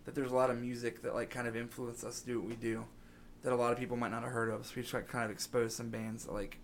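A man's voice: mid-range voice, level tone, quick pace, a little hiss or hum. A young man hosting a casual podcast, joking and rambling through the sign-off. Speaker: podcast host.

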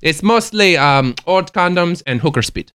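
A man's voice: high voice, lively intonation, moderate pace, pushed and bright, clean tone, no room sound, heavily acted. A man playing a brash foreign guest who talks in crude, broken English with many fillers. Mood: blustering. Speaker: podcast guest. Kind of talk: improvised comedy bit.

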